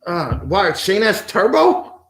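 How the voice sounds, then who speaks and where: A man talking as a podcast guest with a fairly high voice, ranting and swearing freely. He stumbles into repeated restarts as he goes off on a tangent. His voice carries a roomy echo. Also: very animated, takes it slowly, vocal fry, fairly bright tone. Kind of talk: casual profane chat.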